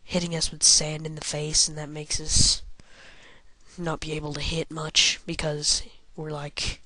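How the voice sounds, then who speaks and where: Goofy slow-talking young woman gamer. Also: low voice, completely flat delivery, pushed and bright, no room sound. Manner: goofy, rambling, jokey, often murmurs under breath. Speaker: game commentator. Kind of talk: casual let's-play commentary.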